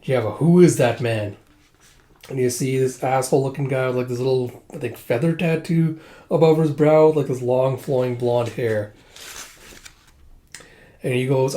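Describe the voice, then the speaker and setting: A man in a casual, rambling recap, speaking at an average pitch for a man. His talk is loose and full of fillers. He slips the characters' lines into his narration without really doing voices. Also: moderate pace, pauses often, warm tone. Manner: loose and chatty, heavy on "like" and "uh"; reads characters' lines inline with little change of voice. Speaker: manga reviewer. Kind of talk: casual recap of a comic volume.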